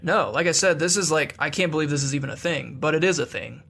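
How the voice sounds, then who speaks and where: A man's voice: a little high, quick pace, vocal fry, fairly bright tone. A man co-hosting a podcast, chatting and giggling with many fillers. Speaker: podcast co-host. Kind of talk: casual chat.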